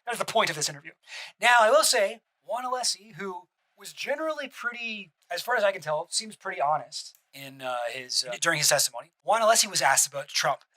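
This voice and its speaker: A man gives casual reaction commentary on a stream at a rapid clip. His voice is high and bright with an edge. He rambles, restarts sentences and swears bluntly. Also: expressive, poor audio.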